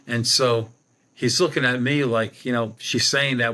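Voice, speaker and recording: A man's voice: medium pitch, steady tone, measured pace, pushed and bright. An older man, a podcast guest telling a rambling anecdote with many restarts. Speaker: guest, psychic medium. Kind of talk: storytelling in a podcast interview.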